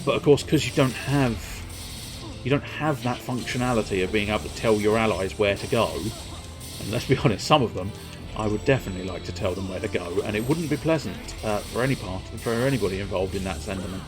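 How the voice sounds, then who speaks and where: A man's voice: fairly low pitch, quick pace. A young man streaming a video game, chatting and rambling to viewers in a self-amused way, sometimes singing joke lines. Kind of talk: casual gameplay commentary. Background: faint game music.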